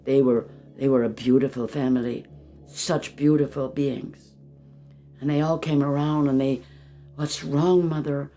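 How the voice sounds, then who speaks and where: A spiritual channeler telling a story gently, calling the listener beloved and sinking into a soft whisper. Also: medium pitch, little pitch movement, moderate pace, soft background music.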